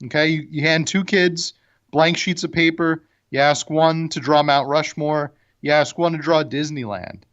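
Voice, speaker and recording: A man's voice: on the high side, fairly even intonation, moderate pace, a bit bright. A man co-hosting a casual debate podcast, opinionated and often restarting his sentences. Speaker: podcast co-host. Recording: dull lo-fi audio.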